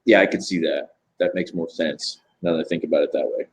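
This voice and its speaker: A man's voice: very deep voice, steady tone, a little fast, breathy edge, dull audio. A man in casual stream chat, talking in rambling, filler-heavy runs and swearing freely. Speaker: tattoo artist on a live chat stream.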